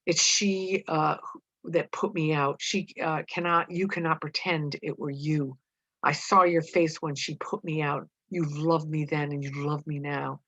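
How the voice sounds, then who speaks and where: A woman's voice: low-pitched, fairly even intonation, measured pace, a bit bright, no echo, full character voice. A woman doing a scheming, lovesick girl. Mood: pleading. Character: scheming, lovesick teenage girl, bold and taunting. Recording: dull, dry lo-fi recording.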